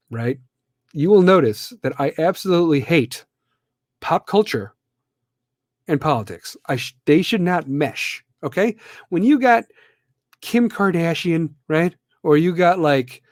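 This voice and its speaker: A man's voice: a little high, darkish tone, no echo, clean studio sound. Blunt, profane man ranting on a live podcast. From Midwestern US. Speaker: podcast host.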